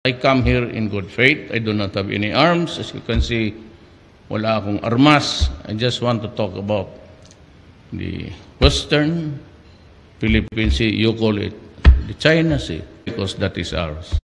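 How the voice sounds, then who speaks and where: A man's voice: lowish voice, measured pace, gravelly, a bit bright. A man with a Filipino accent giving a rambling speech, switching between English and Tagalog and firing off rhetorical questions. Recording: long hall reverb.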